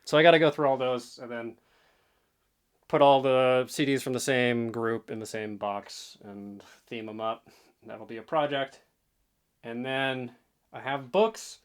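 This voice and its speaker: Hombre que habla de forma relajada y divagante. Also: male voice, medium pitch, steady tone, unhurried, clean tone. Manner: rambling, offhand. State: out of breath. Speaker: reseller vlogger. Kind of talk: casual vlog talk.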